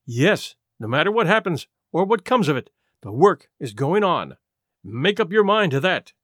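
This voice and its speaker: A man's voice: a little high, very animated, normal speed, fairly bright tone, dry recording. Guy doing a nervous young rich guy, twenties, tense and insistent, dry sound. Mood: strained. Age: 20s. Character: nervous, impulsive young aristocrat under strain.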